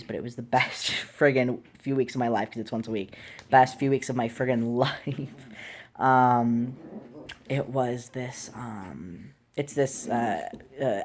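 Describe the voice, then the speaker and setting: Young trans man, mid-pitch voice that is still deepening; rambling, candid vlog delivery, lots of ums, apologetic. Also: a little hiss or hum. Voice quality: voice deepening on testosterone, between high and low. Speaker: vlogger. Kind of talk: casual video diary.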